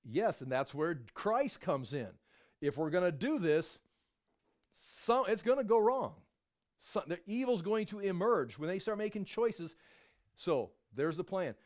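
A middle-aged man preaching a sermon, telling Bible stories with lively acted-out voices. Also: high-pitched, a little slow. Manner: animated storytelling, acts out voices of biblical figures. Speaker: pastor.

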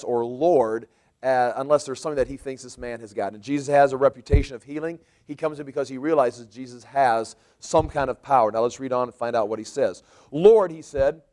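A man's voice: mid-range voice, darkish tone. A man preaching a sermon in a church, explaining scripture verse by verse and rephrasing points as he goes. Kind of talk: sermon, verse-by-verse Bible teaching.

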